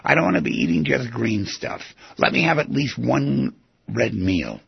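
A man voicing a grumpy, distrustful inner creature self in a lesson, speaking in a stubborn, grudging way with a gravelly voice, recorded on a dull lo-fi track. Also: mid-range voice, huge pitch swings, normal speed, no room sound, heavily acted.

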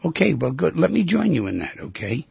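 A man hosting a call-in advice radio show, talking in an animated, emphatic way with storytelling asides. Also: a little high, fairly quick, dry recording. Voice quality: very husky, gravelly voice. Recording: dull, lo-fi radio audio.

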